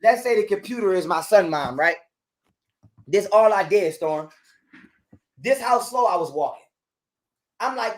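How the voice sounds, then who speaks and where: A man's voice: high voice, lively intonation, moderate pace, pauses often. A man telling a heated, profane story as a guest on an interview show. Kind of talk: casual storytelling.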